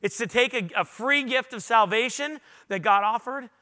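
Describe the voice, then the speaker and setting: A male pastor preaching a sermon to a large congregation in a church, earnest, rising to loud emphatic peaks and dropping to quiet confessional moments. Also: very high-pitched, normal speed.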